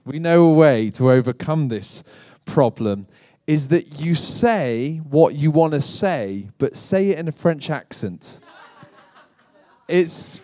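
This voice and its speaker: Recorded in a clean studio with no room sound, this British man preaches slowly, his high-leaning, dark-toned voice full of lively intonation. His sermon is funny and chatty, with self-deprecating stories and asides to the congregation.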